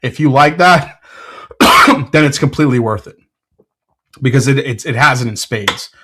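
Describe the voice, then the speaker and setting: Male host, casual tasting talk, gets fired up, mid-pitched, lots of ums. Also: normal speed, noisy background. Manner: excitable, blurts sports trash talk; frequent fillers and self-corrections. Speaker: whiskey reviewer, show host.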